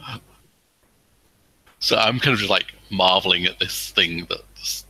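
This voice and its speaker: A man's voice: low-pitched, a little slow, pushed and bright, a little hiss or hum, poor audio. A man playing a tabletop role-playing game, talking hesitantly with many fillers. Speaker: player. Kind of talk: casual tabletop play.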